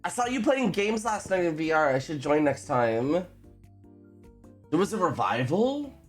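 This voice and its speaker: A woman game streamer talks casually to her viewers, often giggling and exclaiming. Her pitch swings widely while her pace stays unhurried, and soft music plays in the background. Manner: giggly, animated, talks to chat. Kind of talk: casual livestream chat.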